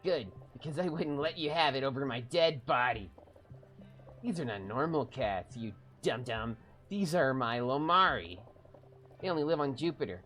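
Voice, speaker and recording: A man's voice: mid-range voice, expressive, moderate pace, fairly bright tone, soft background music, voice pushed up, lightly acted. A man voicing a snappy, boastful cat breeder in a game, speaking with an indignant edge.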